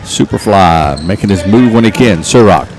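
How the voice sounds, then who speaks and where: A man calling local basketball play-by-play, getting excited and shouting on big plays. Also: low-pitched, normal speed, crowd noise. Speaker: play-by-play announcer.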